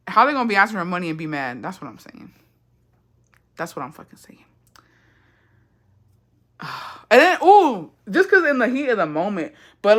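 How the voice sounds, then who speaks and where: During casual storytime on her indoor livestream, a young woman from Texas speaks in a mid-range, fairly bright voice. She's blunt, curses heavily and uses Spanish phrases here and there.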